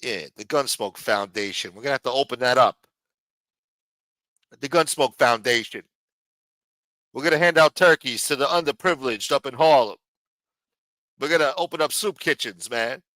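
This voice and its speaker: A man's voice: mid-range voice, sharp tone, no echo. A man, hosting a livestream and rambling casually, swearing often and tagging "man" onto his sentences. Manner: rambling, profane, says "man" a lot. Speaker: livestream host.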